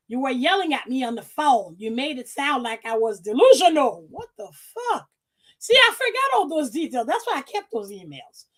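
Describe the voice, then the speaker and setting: A woman reading out her own emails on a podcast in a profane, animated way, laughing often. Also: high voice.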